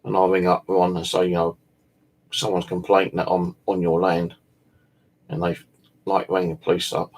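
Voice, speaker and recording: A man's voice: deep voice, moderate pace, gravelly, pauses often, darkish tone. A tired man, chatting casually and rambling, swearing now and then. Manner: meandering, full of "you know" and "like", swears casually. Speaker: bushcraft vlogger.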